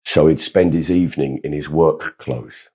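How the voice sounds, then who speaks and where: A man's voice: rumbling low, fairly even intonation, moderate pace, mellow, husky. A man, a comedian guest telling funny anecdotes about his childhood and laughing along with his own stories. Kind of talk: anecdotal storytelling.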